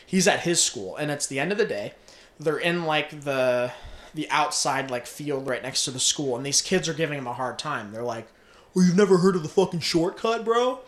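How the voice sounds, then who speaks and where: A man's voice: mid-range voice, moderate pace. A young man casually retelling a film plot, swearing freely and laughing often. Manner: profane, laughing, animated storytelling. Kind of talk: casual movie recap. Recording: roomy echo.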